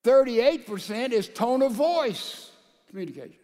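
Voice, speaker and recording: A male pastor preaching a sermon to a large church congregation, calling out to the crowd and swinging between loud and soft. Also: extremely high pitch, lively intonation, measured pace, long reverb tail. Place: large church sanctuary with a balcony.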